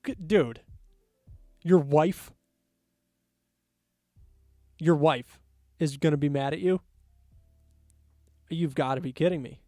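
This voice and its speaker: A man hosting a solo sports podcast, ranting in an animated, exasperated way with mocking asides. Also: on the high side, takes it slowly, long pauses, no room sound, studio quality, soft background music. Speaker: podcast host.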